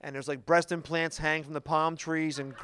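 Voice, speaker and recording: A middle-aged man doing a stand-up comedy routine, telling stories in an animated way with quick asides. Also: on the high side, smooth. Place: comedy club stage.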